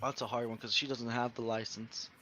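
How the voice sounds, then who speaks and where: A man chatting casually on a stream about running his business, swearing freely and telling stories with animated energy. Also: a little fast. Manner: profane, animated storytelling, voice jumps high when retelling outbursts. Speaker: streamer and small business owner. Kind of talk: casual chat.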